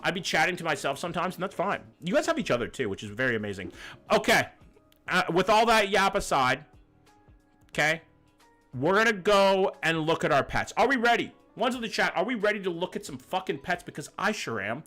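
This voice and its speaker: A man's voice: high voice, very animated, a little fast, sharp tone. A male streamer chatting casually and reacting to viewers' pet photos, loose and jokey with lots of swearing. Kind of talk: casual livestream chat. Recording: faint music in background.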